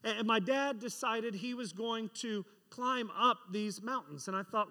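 A man's voice: high-pitched, normal speed, bright, forceful tone. A man preaching a sermon and telling a story from his life, acting out the voices of the people in it. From England. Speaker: pastor. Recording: reverberant hall.

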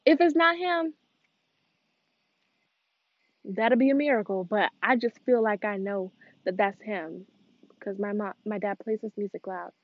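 A woman's voice: mid-range voice, normal speed, no echo, lo-fi sound. A woman from the United States chatting casually at home while she cooks. She wanders from thought to thought and stops to coax her dog. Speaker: cooking vlogger. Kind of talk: casual chat while cooking. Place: at home, moving between kitchen and outdoors.

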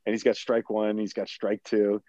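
A man's voice: lowish voice, monotone, normal speed, mellow, no echo, lo-fi sound. A man in a casual podcast chat, animatedly retelling a movie, acting out quotes and laughing often.

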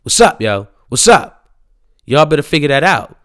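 A young man talking casually to camera about new music singles, slangy and animated, laughing and swearing often. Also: fairly high pitch, moderate pace.

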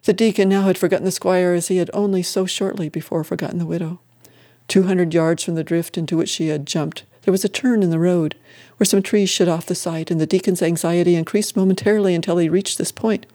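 Give me a warm, mellow voice reading a story aloud. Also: mid-range voice, fairly even intonation, a little fast.

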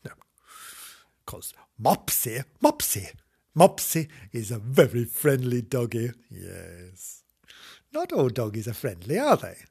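A man reads a children's story aloud in a slow, unhurried way, his voice husky and rough at the edges. His pitch bobs up and down in a lively sing-song, and he keeps slipping into cheeky asides and mock apologies.

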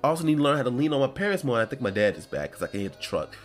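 A man's voice: mid-range voice, very animated, racing, soft background music. A man hosting his own show, talking in a casual, rambling and heartfelt way from home. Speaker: podcast host. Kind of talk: casual solo talk.

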